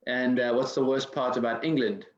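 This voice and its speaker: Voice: mid-range voice, fairly even intonation, normal speed. An interviewer asking casual questions with many hesitant fillers. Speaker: interviewer, host. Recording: echoey, dull lo-fi sound.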